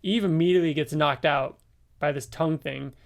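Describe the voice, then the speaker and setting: A man's voice: fairly high pitch, steady tone, gravelly. A man hosting a podcast, casually recapping a comic book story with lots of fillers. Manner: rambling recaps with fillers and quick laughs. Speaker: podcast host.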